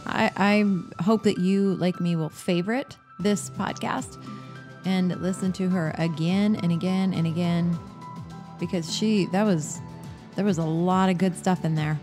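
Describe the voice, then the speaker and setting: A woman's voice: lowish voice, fairly even intonation, measured pace, music in the background. A woman hosting a faith podcast, effusive and affirming toward her guest. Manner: effusive, affirming, laughs readily. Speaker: podcast host. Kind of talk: podcast interview.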